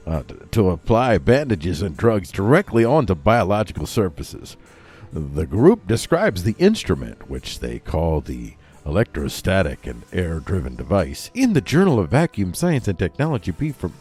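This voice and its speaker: Man, comedy news host, lowish voice, very animated pitch, rambling jokey asides, faint music behind. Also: slightly rough. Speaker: podcast host reading news. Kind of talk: casual comedic news commentary.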